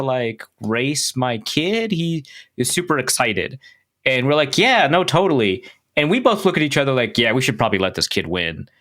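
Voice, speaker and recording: A young adult man co-hosting a podcast, telling a funny story in an animated, self-mocking way and laughing along. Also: medium pitch. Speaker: podcast co-host. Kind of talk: casual storytelling chat.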